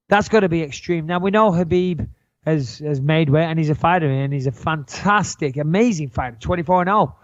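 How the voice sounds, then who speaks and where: A man's voice: on the high side, brisk, dry recording, lo-fi sound. A man co-hosting a podcast in casual chat, blunt and joking, swearing freely. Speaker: podcast co-host.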